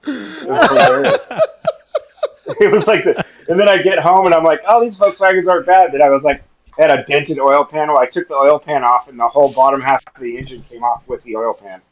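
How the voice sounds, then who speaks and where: A man's voice: fairly high pitch, a little fast, muffled recording. A man on a podcast telling funny stories in a casual way, acting out the people in them and laughing often. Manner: animated, acts out dialogue, laughs often. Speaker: podcast guest. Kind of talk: casual storytelling.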